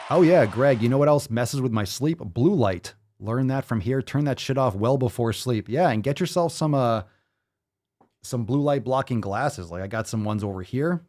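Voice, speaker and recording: Male fitness host on a live stream, swearing freely, lively swooping pitch, mid-range voice. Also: normal speed, some chatter behind, slight background noise. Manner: profane, ranting, energetic.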